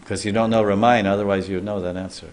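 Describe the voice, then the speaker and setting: A man's voice: on the low side, steady tone, quick pace, darkish tone. A man as a spiritual teacher, telling a sacred story in a loose sermon with restarts and questions to the listeners.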